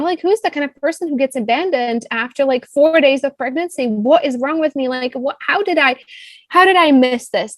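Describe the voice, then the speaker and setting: A woman in her thirties with a foreign accent, a business coach telling her own story as a podcast guest, animated and full of "like" and "right?". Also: high voice, dry recording. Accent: non-US foreign accent. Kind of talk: personal storytelling in a podcast interview.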